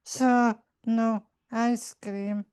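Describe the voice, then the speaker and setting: Slow, flat-voiced woman player. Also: a little high, smooth. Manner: halting, simple phrasing. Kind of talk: playing a character in a tabletop game.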